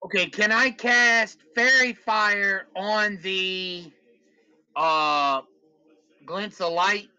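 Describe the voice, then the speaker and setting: A man's voice: high-pitched, very slow, pushed and bright, smooth. A man playing in a tabletop game, hesitant and full of questions, on a dull lo-fi mic. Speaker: player.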